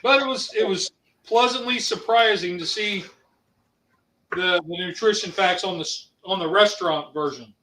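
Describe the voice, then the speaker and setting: High, bright-voiced man from Ohio. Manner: rambling, halting, many fillers. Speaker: co-host. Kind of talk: casual cooking show chat. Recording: roomy sound, mic at a distance.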